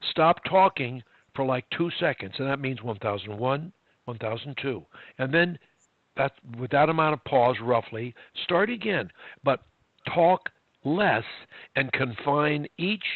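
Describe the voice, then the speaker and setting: A man's voice: fairly high pitch, dry recording. Man coaching over a tinny call line. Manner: emphatic, instructive, repeats key phrases. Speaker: stuttering coach. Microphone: video call. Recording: tinny online call, dry.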